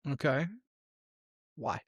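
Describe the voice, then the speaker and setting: A man hosting a podcast interview, easygoing, with quick laughs as he asks his questions. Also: no echo, studio quality. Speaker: podcast host.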